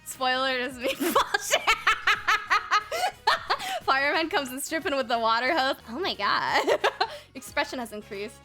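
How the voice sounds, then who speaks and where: Bright, giggly young woman streamer. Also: high-pitched, sing-song, slow pace, faint music behind. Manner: giggly, playful, swears casually, reads game text aloud. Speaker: livestreamer. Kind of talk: casual gaming stream chat.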